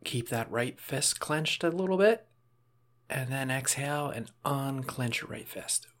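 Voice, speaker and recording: A man calmly guiding listeners through a breathing and muscle relaxation exercise, step by step, with small casual asides. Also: medium pitch, unhurried, slight background noise. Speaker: relaxation instructor.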